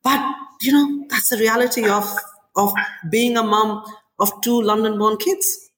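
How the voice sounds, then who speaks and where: A woman in her forties, a chef and restaurant owner, talking in an interview in an animated storytelling way with many "you know"s. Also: fairly high pitch, a little slow. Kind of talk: interview conversation. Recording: echoey room with long reverb.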